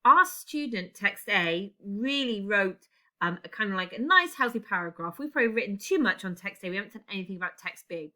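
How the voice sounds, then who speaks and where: Woman teacher going through an essay answer out loud, bright clear voice, keys clacking as she types. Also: medium pitch, lively intonation, fairly quick. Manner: talks while typing, thinking aloud. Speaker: English teacher. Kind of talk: recorded exam-writing lesson.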